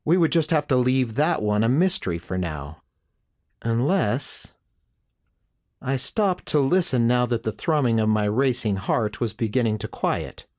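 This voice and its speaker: A man reads an audiobook told in the first person, using a voice in the mid-range. He maintains a steady, measured delivery.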